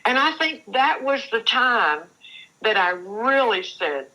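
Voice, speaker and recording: A woman's voice: fairly high pitch, very animated, pushed and bright, rough recording. An older woman, a guest on an interview show, telling her own story earnestly, often restarting her sentences. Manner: earnest, halting, with repeated restarts. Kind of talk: personal testimony in an interview.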